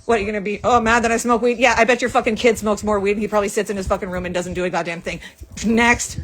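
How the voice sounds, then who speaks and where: A woman venting angrily to the camera, firing off profane, rapid accusations from a rented room. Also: medium pitch, fairly even intonation, fairly bright tone. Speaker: vlogger. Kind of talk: angry venting monologue to camera.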